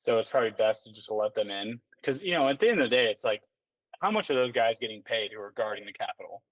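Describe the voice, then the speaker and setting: Appearing as a podcast guest, a man chats casually in a lowish, expressive voice, talking fast and rambling. His speech is packed with fillers, restarts and plenty of "like"s. The sound is dry with no echo, picked up by a somewhat distant mic.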